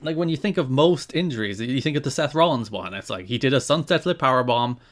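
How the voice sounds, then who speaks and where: A man's voice: mid-range voice, lively intonation, fast. An Irish man co-hosting a podcast in casual chat, reading out news notes and adding dry asides. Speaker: podcast co-host.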